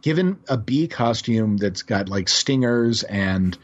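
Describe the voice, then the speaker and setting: A male podcast guest who tells stories about odd old comics in a lively way and chuckles as he goes. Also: on the low side, slow, lo-fi sound. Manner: animated storyteller, chuckles while describing odd comics. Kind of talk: casual podcast conversation.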